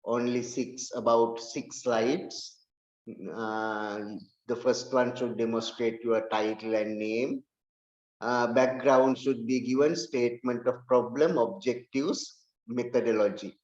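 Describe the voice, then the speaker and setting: A male lecturer, unhurried and emphatic, repeating key points to the class. His slightly high voice rings in an echoey classroom, and the recording sounds dull and lo-fi. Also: steady tone, a little mellow.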